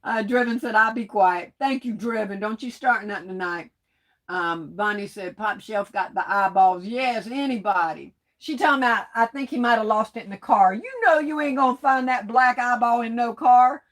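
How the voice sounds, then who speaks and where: A woman's voice: a little high, moderate pace, a bit bright. Lady on a craft livestream, teasing and laughing, reading out the chat. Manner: teasing, playful, laughs often, folksy slang.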